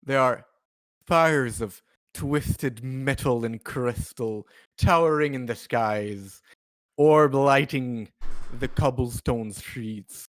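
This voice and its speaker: A man narrating a scene as game master in a tabletop role-playing game, setting the scene in a slow, descriptive way. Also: medium pitch, no echo.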